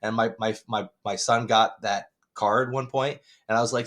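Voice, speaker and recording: A man's voice: fairly low pitch, steady tone, moderate pace, a bit bright. A middle-aged man co-hosting a podcast, telling rambling stories and laughing often. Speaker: podcast co-host. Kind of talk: casual chat.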